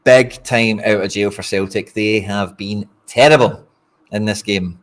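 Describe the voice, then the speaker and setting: A Scottish fan streamer hosts a football watch-along, speaking bluntly and directly to his viewers in casual, frustrated live commentary. His voice sits on the low side, with fairly even intonation and a measured pace.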